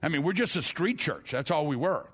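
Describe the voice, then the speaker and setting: A man's voice: a little high, lively intonation, brisk, fairly bright tone, slightly rough. A man preaching a sermon, telling his testimony earnestly with frequent restarts and repeated words.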